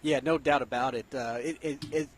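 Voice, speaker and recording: Male analyst, fast and slightly high, faint background noise. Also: steady tone. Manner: halting starts, analytical. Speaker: color commentator. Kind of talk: high school football commentary.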